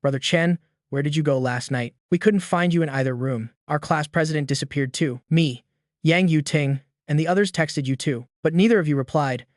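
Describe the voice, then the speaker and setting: A man's voice: fairly high pitch, moderate pace, no echo, clean studio sound, natural voice. Man reading as a nosy hungover schoolboy. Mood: suspicious. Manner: frustrated, suspicious. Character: hungover teenage boy, gossipy school friend.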